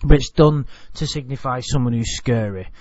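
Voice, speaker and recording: A man's voice: mid-range voice, moderate pace, a little mellow, no room sound, highs cut off. An English-accented man commenting on a TV clip in a rambling, blunt, self-correcting way. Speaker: video commentator.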